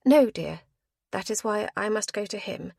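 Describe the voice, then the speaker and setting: A woman voicing a direct, anxious gentlewoman who speaks in a raised, urgent tone. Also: mid-range voice, lively intonation, moderate pace, creaky, breathy edge, no room sound, clean studio sound, voice pushed up.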